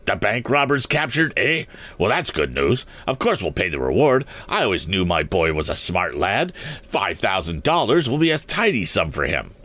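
A man's voice: fairly low pitch, sing-song, moderate pace, a bit bright. A man voicing a gloating, scheming banker who sneers and boasts, in a storybook reading. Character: gloating, scheming middle-aged male banker.

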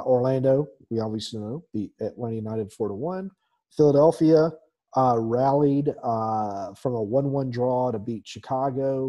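A man with a warm, medium-pitched voice hosts a casual soccer podcast, reading through the night's results with lots of ums and a dry, sarcastic edge.

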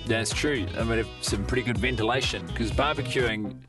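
A man's voice: mid-range voice, normal speed, music in the background. A man in a casual comedic chat, rambling and correcting himself as he jokes. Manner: rambling, self-correcting, playful.

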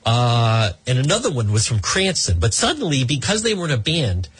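A man's voice: medium pitch, sing-song, normal speed, breathy edge. A man in his fifties giving a rambling, gossipy commentary monologue as a talk show host, with many ums and restarts.

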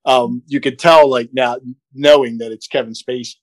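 A man's voice: mid-range voice, fairly even intonation, normal speed, no echo, low-quality recording. A man co-hosting a casual movie podcast, laid-back and often chiming in. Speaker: podcast co-host.

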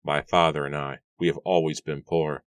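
A man voicing a poor, soft-spoken young hired man, earnest and quiet, in a storybook reading. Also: a bass voice, level tone, moderate pace, clean tone, no echo.

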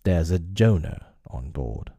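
A man voicing a menacing pirate captain in a storybook reading, gruff and cajoling as he gives orders. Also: deep voice, expressive, slow pace, warm tone, no room sound, lo-fi sound, full character voice. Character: menacing male pirate captain, fierce and commanding.

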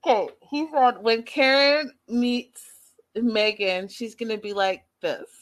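A woman's voice: fairly high pitch, takes it slowly. Chatty woman hosting a live recap. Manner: chatty and expressive, laughing, reading viewer comments aloud. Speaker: host recapping a reality show. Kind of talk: casual recap commentary to a live chat.

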